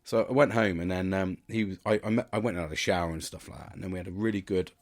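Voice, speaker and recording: A man's voice: low voice, fairly even intonation, quick pace, no echo, studio quality. Rambling, sweary British man. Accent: British English. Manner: rambling, sweary, frequent restarts. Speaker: podcast host. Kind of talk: casual solo monologue.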